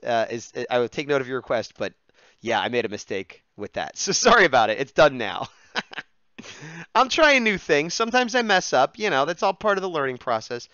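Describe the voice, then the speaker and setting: A man live-streaming while he draws, mumbling and humming to himself, then perking up to talk to his chat. His voice sits at a middling pitch. The mic is dry and a little dull and lo-fi. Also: smooth, no room sound. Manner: mutters and hums to himself while drawing, then turns to chat brightly. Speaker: streamer sketching and taking requests.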